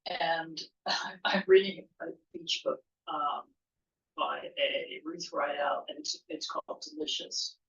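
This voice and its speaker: Gravelly woman sharing in a study group. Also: low voice, very animated. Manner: thoughtful, halting, with restarts. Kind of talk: casual group discussion. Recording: dull lo-fi sound.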